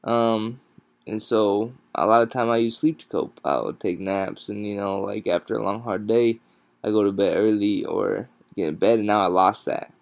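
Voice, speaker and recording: A man hosting a podcast from home without a proper microphone, exhausted and yawning, talking haltingly with many pauses and restarts. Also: on the low side, fairly even intonation, vocal fry, no room sound. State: exhausted, sleep-deprived. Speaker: podcast host. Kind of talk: casual solo podcast talk. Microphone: no proper microphone, home recording.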